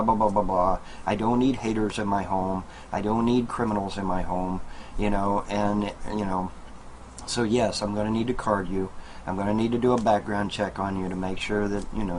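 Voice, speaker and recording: A man's voice: on the low side, a little mellow, a little hiss or hum, poor audio. A man talking casually to a webcam at home in a small trailer, rambling and repeating himself, with many fillers and asides to his viewers. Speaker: video blogger. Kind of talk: casual monologue to camera.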